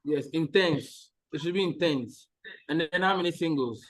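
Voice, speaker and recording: A man's voice: on the high side, normal speed, low-quality recording. A man teaching maths in an online lesson, patiently repeating each step and checking that the students follow.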